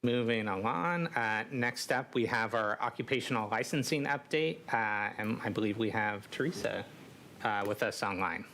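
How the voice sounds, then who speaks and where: A man's voice: fairly low pitch, normal speed, fairly bright tone. A man chairing a work meeting, moving through the agenda in brief, hesitant remarks.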